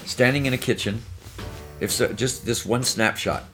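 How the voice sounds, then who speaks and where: Gravelly older man telling stories. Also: medium pitch, normal speed, music in the background. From Detroit, USA. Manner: animated, punchline-driven storytelling. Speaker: guest storyteller. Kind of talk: anecdotal storytelling in conversation.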